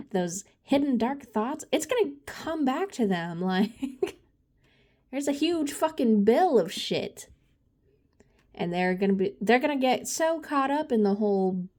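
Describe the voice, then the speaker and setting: Woman tarot reader, unhurried, blunt, foul-mouthed, loose and rambling. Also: a little high, warm tone. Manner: blunt, profane and rambling, with frequent laughs and sighs. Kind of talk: casual off-the-cuff reading.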